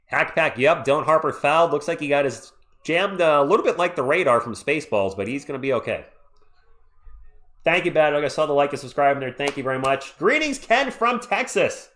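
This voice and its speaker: A man hosting a live play-by-play stream, calling the action and chatting with viewers in an excitable, jokey way. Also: on the high side, brisk. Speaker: livestream play-by-play host. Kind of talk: live play-by-play with chat reactions.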